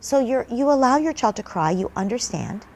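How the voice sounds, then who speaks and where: A woman answering interview questions as a parenting expert, calm and reassuring, repeating key points for emphasis. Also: a little high, moderate pace.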